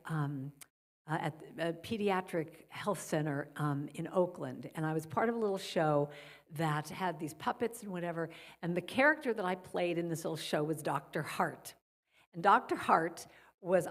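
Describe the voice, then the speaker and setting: A middle-aged woman speaking as a guest at a church service, softly guiding listeners and telling stories. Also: lowish voice. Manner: gentle, guiding a breathing exercise then storytelling. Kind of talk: spiritual talk at a church service. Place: church sanctuary.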